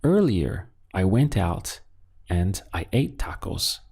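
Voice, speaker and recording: A patient male language teacher speaks at a slow, unhurried pace, quizzing the listener and then answering himself. His low voice is gravelly and somewhat husky, with a dark, mellow tone. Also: very animated. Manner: patient, asks questions then gives the answer. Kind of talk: step-by-step language lesson.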